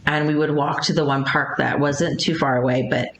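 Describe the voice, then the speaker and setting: Low-voiced woman, hesitant podcast guest. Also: fairly even intonation, normal speed, slight background noise. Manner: hesitant, many ums and restarts. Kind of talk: casual interview chat. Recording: echoey room.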